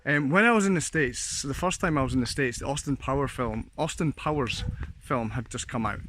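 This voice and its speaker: A man's voice: mid-range voice, fairly quick, a bit bright, no room sound. A Scottish man vlogging in a casual, jokey monologue, full of fillers and laughs. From Scotland. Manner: chatty, jokey, laughs often, many fillers. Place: living in a Slovak village.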